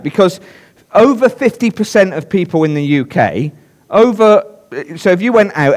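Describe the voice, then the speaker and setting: A man preaching a sermon, emphatic and repeating phrases for stress. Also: fairly high pitch.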